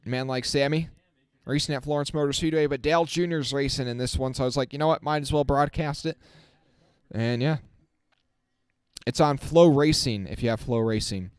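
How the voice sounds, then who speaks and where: A man giving casual live-stream race commentary as the channel host, chatting with his viewers and getting excited on the restarts. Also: medium pitch, moderate pace, smooth, dry recording. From not from the South. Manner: self-correcting, talks to the chat.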